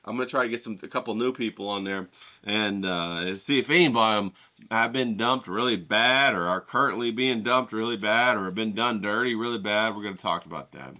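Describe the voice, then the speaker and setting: A middle-aged man rambling casually to his viewers, profane and animated, acting out the voices of the people he quotes. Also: on the low side, brisk. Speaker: vlogger painting outdoors.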